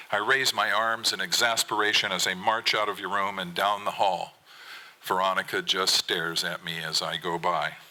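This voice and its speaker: A man's voice: on the low side, sharp tone, poor audio. A man, a commercial fisherman, reading his personal story aloud on a live theater stage in an earnest, plain way.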